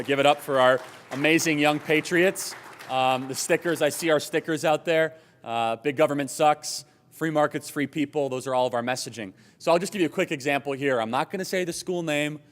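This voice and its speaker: A young man from Chicago giving an animated, joking and emphatic political speech at a conference. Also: medium pitch, a little hiss or hum. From Chicago, USA. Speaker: conference speaker. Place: large hotel conference hall. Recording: long hall reverb.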